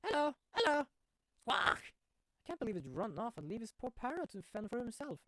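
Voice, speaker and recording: A man voicing a pet parrot that squawks and repeats words in a shrill voice. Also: big pitch swings, normal speed, pushed and bright, dry recording, studio quality, exaggerated voice. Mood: squawking.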